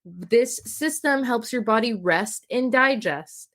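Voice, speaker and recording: A woman co-hosting a podcast as a mental health professional, chatting casually and emphatically, teasing, and briskly reading a list of facts. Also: on the high side, lively intonation, fairly bright tone.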